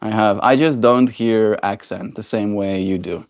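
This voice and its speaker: A man's voice: lowish voice, measured pace, darkish tone, dry recording. A young man with a South African accent, chatting casually on a live stream, joking and answering chat messages aloud. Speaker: livestreamer.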